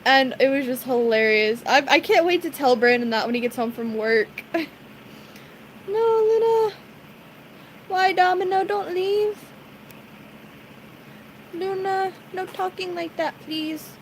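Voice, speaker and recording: A woman with a high, light voice chats easily with her stream viewers, giggling as she goes. She greets people in the chat by name between rambling stories, in a relaxed, talkative way. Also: slow, long pauses, a little hiss or hum, rough recording. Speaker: live streamer.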